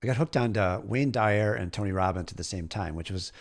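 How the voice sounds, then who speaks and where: A man's voice: lowish voice, brisk. A man hosting an interview, talking candidly and reflectively, swearing casually now and then. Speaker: podcast host.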